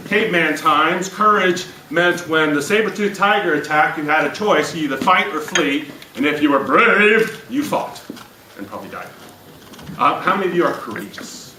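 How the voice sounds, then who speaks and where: A man giving an energetic, jokey motivational talk to a business audience and questioning the crowd. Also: fairly high pitch, reverberant, distant mic, slight background noise, low-quality recording. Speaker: speaker at a business event. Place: event room before an audience.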